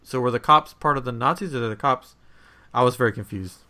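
A man's voice: medium pitch, brisk. A man co-hosting a casual podcast chat, recapping a TV episode with lots of laughter. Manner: animated, laughs often, recaps plot. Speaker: podcast co-host.

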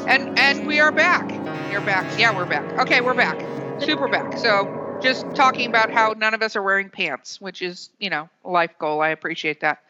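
A woman's voice: medium pitch, expressive, moderate pace, loud music behind the voice. A woman hosting a podcast, chatting casually with a rambling, restarting manner. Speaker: podcast host. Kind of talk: casual chat. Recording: muffled lo-fi podcast audio.

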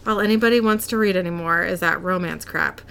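A woman's voice: on the low side, fast talker, gravelly, a bit bright, a little hiss or hum. A woman co-hosting a casual chat, recapping an episode and reading out lines of dialogue with frequent giggles. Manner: giggly, reads out dialogue in narration.

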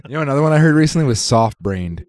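A man's voice: mid-range voice, animated, racing, a little mellow, no room sound, clean studio sound. A man with a Canadian accent co-hosting a casual podcast, joking and swearing freely. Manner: brash, swearing, jokey banter. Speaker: podcast co-host. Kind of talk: casual chat.

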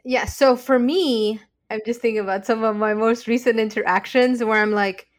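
A woman's voice: on the high side, fairly even intonation, normal speed. Reflective woman in casual chat. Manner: reflective, thoughtful. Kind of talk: casual conversation.

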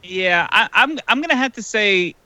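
A man's voice: high voice, animated, normal speed, crowd noise. A man co-hosting a podcast in casual chat, rambling with fillers and laughing often. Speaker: podcast co-host.

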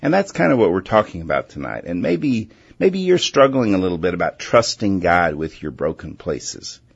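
A man hosting a Christian call-in radio show, talking earnestly and gently and often restarting his words. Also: sits low, big pitch swings, normal speed, creaky, husky, dull audio. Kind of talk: faith-based call-in radio talk.

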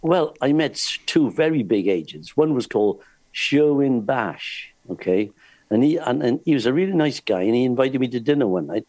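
A man's voice: medium pitch, normal speed, no echo. Guy, cruise ship singer, laughing through his stories, dry close sound. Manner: lively storyteller, laughs often, acts out voices in his stories. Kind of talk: casual anecdote-telling.

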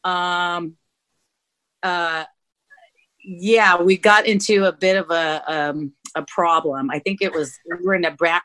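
A woman with a bright, crisp tone talks casually about life on the road. She rambles, often stopping to search for words and filling the gaps with ums and uhs. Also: lowish voice, low-quality recording. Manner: rambling, hesitant with many fillers. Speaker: touring band member. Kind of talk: casual chat.

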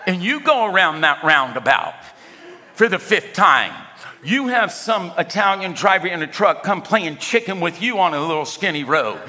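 A man's voice: sits high, big pitch swings, normal speed, bright, forceful tone. An older man preaching a sermon as pastor, talking conversationally and often asking the congregation if they follow him. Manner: conversational, asks the congregation for responses. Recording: echoey hall with long reverb.

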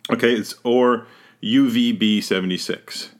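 With a steady, medium-pitched voice and an unhurried delivery, this podcast host chats casually. His talk wanders, he often fixes his wording partway through a sentence, and his sentences tend to fade out.

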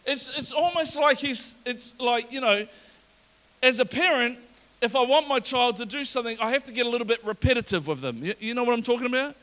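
A middle-aged male pastor preaching a sermon with lively energy, reading scripture aloud with rising emphasis. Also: very high-pitched, fairly quick. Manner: energetic, animated preaching to a congregation.

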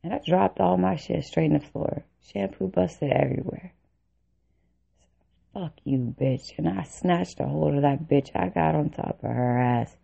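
In a low, mellow, creaky voice at a moderate pace with few pauses, a woman vlogger recounts her army training. Her story is angry and profane, broken by bitter laughs, and the recording sounds tinny, like a phone.

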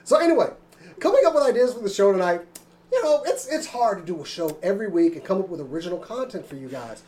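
A man's voice: sits high, sing-song, quick pace, darkish tone. Rambling, jokey male podcast host. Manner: rambling, jokey, self-interrupting. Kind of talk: casual chat.

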